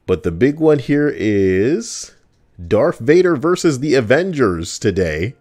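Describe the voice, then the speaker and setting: A young man streams casually, teasing and arguing with lots of swearing. His medium-pitched voice is slow, sing-song, and a little mellow as the live-stream chat rolls along.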